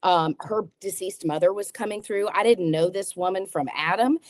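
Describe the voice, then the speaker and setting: A woman's voice: medium pitch, normal speed, no echo. A woman guest on a talk show, telling a personal story with feeling and acting out the dialogue she quotes. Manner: expressive, acts out quoted dialogue, frequent restarts. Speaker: psychic medium guest.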